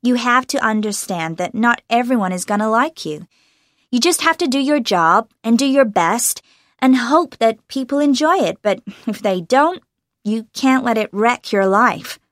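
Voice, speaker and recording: A woman's voice: on the high side, lively intonation, normal speed, fairly bright tone, no echo, studio quality. A young American woman from Los Angeles, an actress answering interview questions in a bubbly way and laughing often. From Los Angeles, USA.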